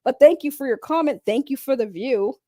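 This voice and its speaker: A woman's voice: high-pitched, animated, brisk, dark tone, dry recording, clean studio sound. A woman streaming live as host of a drama channel, ranting casually in a blunt, profane, mocking way.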